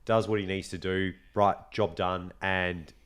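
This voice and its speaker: A young adult man with an Australian accent, hosting a casual podcast chat, animated and swearing freely, with a slight cold. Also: low-pitched, measured pace, smooth. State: has a cold. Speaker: podcast host.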